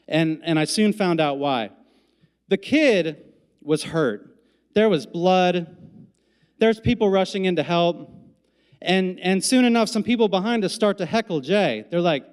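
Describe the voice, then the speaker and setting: A man with a high, smooth, resonant voice tells a comic personal story on stage with deadpan asides. His voice carries a long hall reverb from the live venue. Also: moderate pace. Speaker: storytelling event MC.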